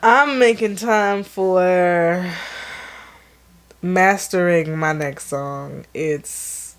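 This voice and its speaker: A young woman speaks slowly in a lowish voice, co-hosting a casual podcast. She answers in a relaxed, low-key way. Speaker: podcast co-host. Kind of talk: casual chat.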